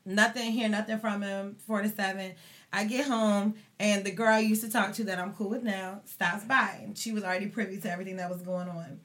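Bright animated woman telling a story. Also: mid-range voice, fairly quick. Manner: animated, expressive storytelling with lots of slang. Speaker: podcast host. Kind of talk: casual storytelling chat.

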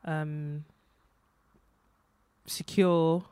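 A woman's voice: deep voice, level tone, extremely slow, warm tone, clear, resonant tone, dry recording. A woman hosting a podcast interview, encouraging and affirming her guest. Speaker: podcast host. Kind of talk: conversational interview.

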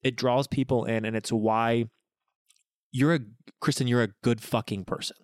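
A man's voice: medium pitch, steady tone, normal speed, no room sound, clean studio sound. A young man co-hosting a podcast with his partner, talking in an effusive, casual way, cursing and saying "dude.". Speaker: podcast co-host, expectant father. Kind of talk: casual couple chat.

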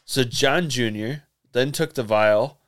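A man's voice: mid-range voice, slow pace. A man co-hosting a podcast, narrating folklore, laughing often and teasing his partner. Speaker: podcast co-host. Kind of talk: casual comedic chat.

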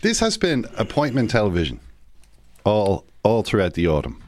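Male podcast host, low register, dry close mic, tongue-in-cheek critic delivery. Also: huge pitch swings, normal speed, darkish tone, no room sound. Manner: mock-serious, like a TV critic reviewing a drama. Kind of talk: casual chat.

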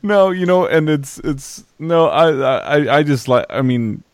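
A man's voice: a little high, lively intonation, a little slow, background noise. A man hosting a casual podcast interview. He often stumbles over and repeats words, and he laughs along with his guest.

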